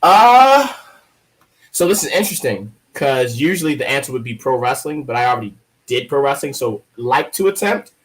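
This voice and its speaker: A man's voice: mid-range voice, normal speed, low-quality recording. A man from Baltimore, a guest poet, chatting casually in an interview and telling joking, profane stories. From Baltimore, USA. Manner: joking, profane, lively storyteller.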